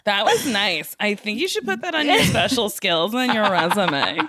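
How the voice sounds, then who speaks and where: Lively wry woman podcast co-host. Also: medium pitch, normal speed, background noise. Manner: wry, deadpan asides. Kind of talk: casual chat.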